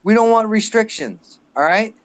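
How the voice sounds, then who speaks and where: A man's voice: sits high, expressive, normal speed. Blunt, swearing man in his late thirties. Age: late 30s. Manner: blunt, profane ranting. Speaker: guest on a live show. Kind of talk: casual livestream chat.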